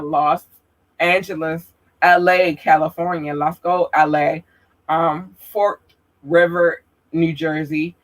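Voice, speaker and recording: A woman hosting a podcast, reading out a long list of listener towns slowly and apologizing for possible mispronunciations. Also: fairly low pitch. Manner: slow, careful, apologetic about pronunciation. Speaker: podcast host.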